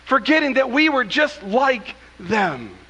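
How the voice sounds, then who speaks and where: A man's voice: very high-pitched, very animated, slow pace, pushed and bright, big-room sound, low-quality recording. A man preaching a sermon as pastor, with emphatic asides and acted-out scripture quotes, speaking in a church. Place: church sanctuary.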